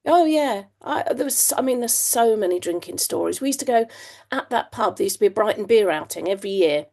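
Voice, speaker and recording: A woman's voice: medium pitch, animated, a little fast, darkish tone. A woman in her fifties from England, telling her own story as a podcast guest in a chatty way, with frequent ums and restarts. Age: 50s. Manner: chatty, laughs often, many ums and restarts. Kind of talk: candid storytelling.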